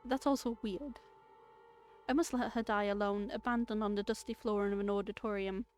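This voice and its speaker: Animated streamer woman reading a spooky story. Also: mid-range voice, normal speed, faint music behind. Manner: animated, joking, bursts into loud outbursts and laughter. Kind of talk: reading a story game aloud with reactions.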